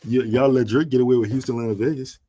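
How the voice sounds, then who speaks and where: A man's voice: mid-range voice, fairly even intonation, dark tone. Laid-back slangy man co-hosting. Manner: laid-back slang, halting, thinks aloud. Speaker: podcast co-host. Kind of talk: casual sports chat.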